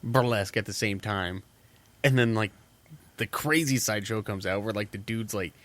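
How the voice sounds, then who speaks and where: A man's voice: fairly low pitch, moderate pace, a bit bright. A man co-hosting a podcast, telling rambling stories in casual chat and acting out what people said. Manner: rambling storytelling, swears a lot, acts out quotes. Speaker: podcast co-host.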